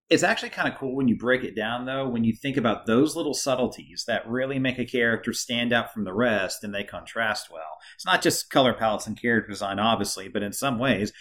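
A man co-hosting a podcast, talking thoughtfully and hesitantly with many fillers. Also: fairly low pitch. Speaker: podcast co-host. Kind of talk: casual chat.

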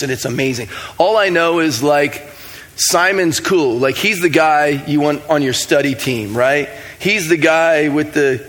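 This is a male preacher delivering a sermon with a casual, humorous touch. His voice is high and bright, and he drops in playful asides as he explains. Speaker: pastor.

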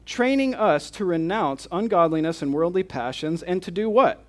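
A man's voice: high-pitched, lively intonation, normal speed, hardly any pauses. A man preaching a conference sermon, reading scripture and then explaining it with emphatic, repeated rhetorical questions. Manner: emphatic and repetitive.

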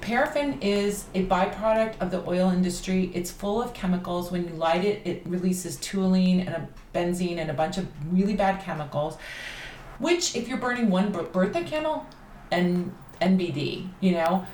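A chatty, animated woman explains things on a podcast with a somewhat low voice. Her voice rings in a roomy space, and faint noise sits underneath it. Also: normal speed. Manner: chatty, animated, laughs easily. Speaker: podcast guest, candle magic practitioner. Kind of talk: casual podcast chat.

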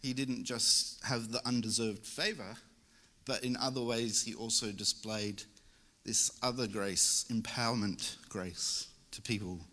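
A man's voice: fairly low pitch, steady tone, measured pace, pushed and bright. A young man preaching a church sermon in a casual, joking way. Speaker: lay preacher. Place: church service.

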